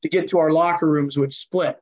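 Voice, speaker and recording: A man, a hockey coach and general manager, telling stories as a guest in an interview and lively acting out the people in them. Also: a little high, a little fast, lo-fi sound. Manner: animated, acts out voices while telling stories. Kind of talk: conversational interview storytelling.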